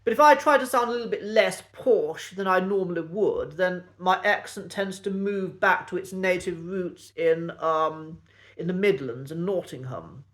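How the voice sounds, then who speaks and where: Host, male, posh English RP, light high voice, measured delivery with ums. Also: fairly bright tone. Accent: posh English Received Pronunciation. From England. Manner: measured and precise, with frequent ums. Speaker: accent teacher and channel host. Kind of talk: reflective solo talk to camera.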